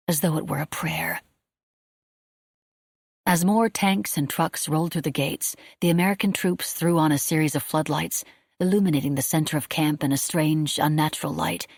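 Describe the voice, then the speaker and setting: A woman reading a wartime novel aloud as an audiobook, in a steady, measured storytelling manner. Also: low voice, vocal fry, breathy edge, dry recording, clean studio sound. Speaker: audiobook narrator. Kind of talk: scripted audiobook narration.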